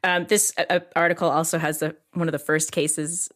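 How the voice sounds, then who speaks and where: A woman in her forties co-hosting a casual chat podcast, telling stories in an animated way with frequent laughter. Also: deep voice, fairly quick. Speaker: podcast co-host.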